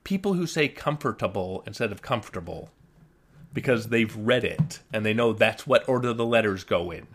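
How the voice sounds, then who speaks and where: A man's voice: lowish voice, animated, a little fast, a bit bright. Man, podcast co-host, casual chat, wry, rambling, lots of restarts. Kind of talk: casual chat recapping TV shows.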